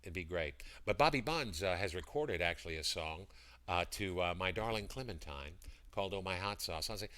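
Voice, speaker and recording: A man's voice: deep voice, expressive, a little fast, fairly bright tone, smooth. A man selling products on a casual livestream, rambling and greeting chat viewers by name as he talks. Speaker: livestream seller. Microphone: computer mic.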